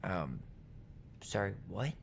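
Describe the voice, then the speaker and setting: A blunt young twin brother. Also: male voice, deep voice, sing-song, slow pace, vocal fry, exaggerated voice. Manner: frank, casual, curses freely. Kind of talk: game dialogue. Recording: game audio under loud noise.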